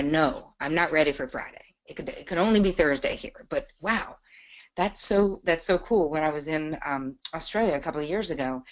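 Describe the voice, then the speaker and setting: A middle-aged woman hosting a live online masterclass, chatty and bubbly as she greets viewers by name. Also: low-pitched. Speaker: webinar host. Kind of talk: live webinar chat.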